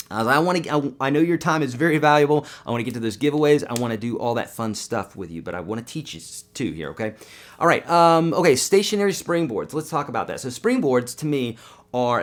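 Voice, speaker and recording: A man teaching guitar on a live webcast, upbeat and quick, singing note names now and then, with his morning voice. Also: mid-range voice.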